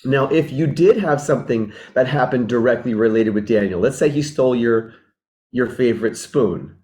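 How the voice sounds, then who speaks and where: Speaking warmly at a moderate pace in a mid-range voice, a relationship mentor delivers an earnest lesson. He reflects as he goes, repeats and rewords his ideas, and performs example conversations.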